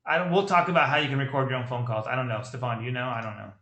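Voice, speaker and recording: Male sales coach, blunt and animated, bright voice, roomy sound. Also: medium pitch, rapid-fire. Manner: blunt, animated, laughs often. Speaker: sales trainer critiquing a call. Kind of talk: casual coaching commentary. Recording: echoey room.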